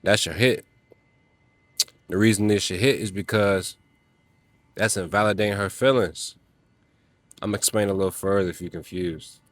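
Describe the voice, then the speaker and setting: A man's voice: lowish voice, steady tone, normal speed, pauses often, no room sound. A man giving a motivational talk to other men, emphatic and preachy, speaking in casual slang. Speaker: self-help vlogger.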